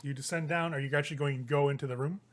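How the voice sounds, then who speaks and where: A man's voice: on the high side, steady tone, rapid-fire. A man running a tabletop game as game master, describing scenes casually and loosely.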